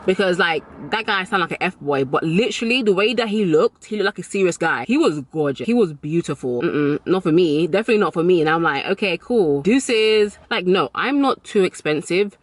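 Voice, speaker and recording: A woman's voice: lowish voice, brisk, few pauses, no echo. Emphatic young woman. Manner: emphatic, repeats key lines for effect; storytelling with animated retold dialogue. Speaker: vlogger giving dating advice. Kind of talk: casual advice vlog.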